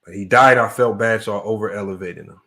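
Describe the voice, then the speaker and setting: A man hosting a live sports debate stream, talking in an animated, emphatic rant and often tagging sentences with "man.". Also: lowish voice, fast. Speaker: sports debate livestream host. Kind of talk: casual livestream rant.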